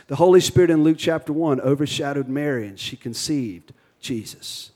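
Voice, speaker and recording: A pastor with a Cajun accent preaching a sermon with energy, leading the congregation in call-and-response and cracking jokes. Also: male voice, fairly high pitch, moderate pace, dark tone.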